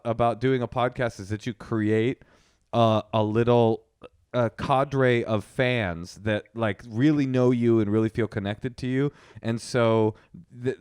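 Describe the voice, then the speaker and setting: Laid-back male podcast host, lively pitch. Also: clear, resonant tone, no room sound, clean studio sound. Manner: laid-back, rambling, laughs often. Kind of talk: casual podcast chat. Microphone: remote call.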